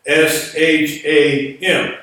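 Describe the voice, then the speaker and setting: A man's voice: fairly high pitch, level tone, extremely slow, pushed and bright. A man teaching a Biblical Hebrew class in a classroom lecture style, patiently explaining rules and spelling words out letter by letter. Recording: echoey room, voice far from mic.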